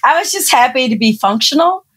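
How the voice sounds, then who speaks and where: A woman guest on a podcast, recounting her own story in relaxed conversation, laughing often and acting out the people she quotes. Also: sits high, brisk, breathy edge.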